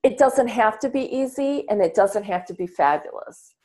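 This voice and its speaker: A woman's voice: a little high, animated, moderate pace, a little mellow. A woman guest on a podcast, talking in an earnest, reflective way and swearing casually, over earbuds on a video call. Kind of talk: casual interview talk.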